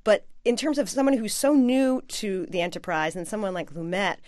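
A woman's voice: medium pitch, expressive, moderate pace, darkish tone, dry recording, clean studio sound. A woman interviewer asking questions in an enthusiastic, conversational way. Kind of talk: casual interview chat.

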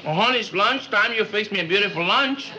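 An actor with a Cuban accent playing a hungry, harried husband in a 1950s sitcom. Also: male voice, high voice, expressive, brisk, bright, forceful tone, full character voice, poor audio. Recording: old TV audio with background noise.

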